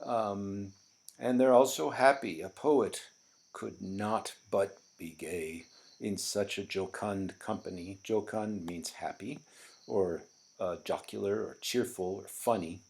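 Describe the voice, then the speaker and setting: Slow, gravelly-voiced male teacher. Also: fairly low pitch, darkish tone. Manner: explanatory, with frequent ums and restarts. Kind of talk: classroom poetry lecture.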